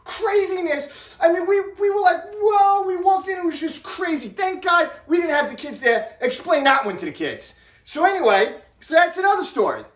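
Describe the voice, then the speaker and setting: A middle-aged man telling an animated vlog story, excitable and repeating himself as he acts out what people said. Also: very high-pitched, moderate pace. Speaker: vlogger. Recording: echoey room, distant from mic.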